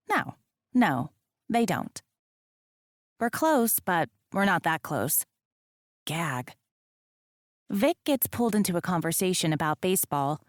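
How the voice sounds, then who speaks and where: A woman reading a first-person romance audiobook, with a wry, expressive comic delivery into a close microphone. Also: fairly low pitch, no echo. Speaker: audiobook narrator.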